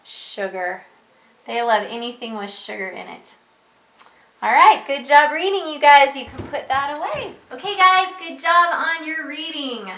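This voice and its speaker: A woman teaching a preschool reading lesson, prompting children slowly and encouragingly in a sing-song way. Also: high voice, lively intonation, sharp tone. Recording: echoey room.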